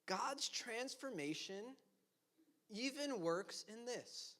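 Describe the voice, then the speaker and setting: High, bright-voiced young pastor laughing. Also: male voice, expressive, takes it slowly. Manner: laughs often, self-deprecating asides; acts out quoted lines in funny voices. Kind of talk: casual conversational sermon.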